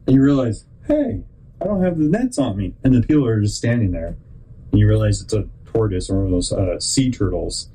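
Podcast host, man, mellow voice, rambling faith pep talk, animated storyteller. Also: medium pitch, breathy edge, poor audio. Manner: rambling, halting, self-interrupting.

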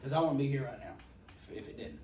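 A male preacher delivers a sermon in a casual, joking voice that builds to forceful, repeated emphasis. His volume swings from loud to nearly hushed. The sound bounces around an echoey hall, with the mic some way off and faint ambience behind. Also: mid-range voice, fast talker, a little hiss or hum. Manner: conversational and humorous, rising to forceful emphasis. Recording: echoey room, voice from a distance.

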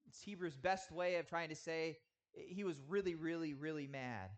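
Man, 30s, pastor delivering a sermon; slightly high voice, earnest and emphatic. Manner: earnest, emphatic with slow drawn-out stresses. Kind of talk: sermon teaching.

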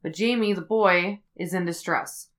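A woman hosting a podcast, telling a story in a casual, rambling way with many fillers as she thinks out loud. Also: lowish voice, a little slow. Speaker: podcast host.

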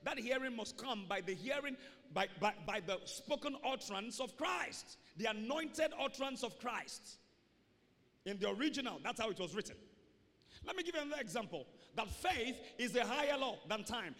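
A pastor preaching a sermon to his church, repeating key phrases and rising to shouts. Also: extremely high pitch, big pitch swings, moderate pace, long reverb tail.

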